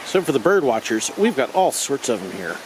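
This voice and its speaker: Middle-aged male vlog host, animated delivery, dry jokes, outdoor zoo with faint background noise. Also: mid-range voice, brisk. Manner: wry, joking tour-guide commentary. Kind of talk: casual narration at the zoo.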